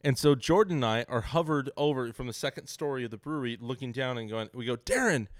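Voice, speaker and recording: A man's voice: medium pitch, fast, no echo, clean studio sound. A young man co-hosting a podcast, ribbing his friend and acting out the quotes in a story. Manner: teasing storyteller, acts out quotes. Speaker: podcast co-host. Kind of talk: casual banter.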